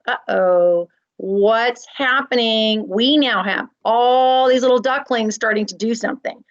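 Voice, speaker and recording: A woman's voice: fairly high pitch, measured pace, lo-fi sound. A woman teacher reading a play aloud, explaining with dramatic emphasis and repetition. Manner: expressive, dramatic, repeats key points. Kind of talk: read-aloud lesson.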